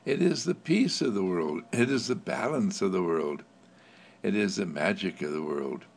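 A man giving an inspirational spiritual talk in a low, gravelly voice full of fry. His pitch rises and falls widely, and he repeats phrases in a gentle, affirming rhythm. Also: expressive, moderate pace. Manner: gentle, repetitive, affirming cadence, often laughing. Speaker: spiritual speaker.

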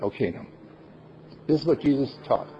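A man preaching a sermon to his congregation in a playful, animated way, laughing often. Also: medium pitch, normal speed, slight background noise. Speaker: minister. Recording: dull lo-fi recording.

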